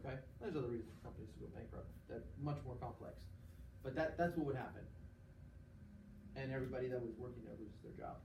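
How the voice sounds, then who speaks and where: A man's voice: medium pitch, quick pace, gravelly, darkish tone. A man teaching a class, explaining step by step, checking in with the students and acting out small examples. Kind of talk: classroom lecture. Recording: echoey classroom from far off, faint noise.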